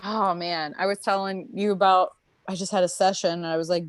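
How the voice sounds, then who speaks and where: A young adult woman from Minnesota, co-hosting a casual podcast chat, telling stories in an animated, laughing way with lots of "like.". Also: on the low side, a little fast, no echo. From Minnesota, USA. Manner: animated, laughing storyteller, many "like" fillers. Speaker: podcast co-host.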